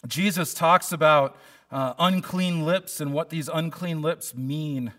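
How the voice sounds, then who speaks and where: A man's voice: on the high side, slow, a bit bright. A man preaching a sermon in an earnest, conversational way, often restarting his phrases. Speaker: pastor.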